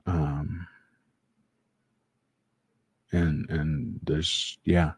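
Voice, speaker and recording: A man hosting a casual live stream, talking haltingly with many fillers and restarts while greeting viewers in the chat by name. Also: very deep voice, little pitch movement, breathy edge, no echo. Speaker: livestream host.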